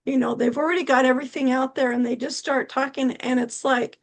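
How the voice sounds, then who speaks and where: High-voiced woman hosting a talk show. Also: fairly even intonation, fairly quick, vocal fry. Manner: conversational, reads audience questions. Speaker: host.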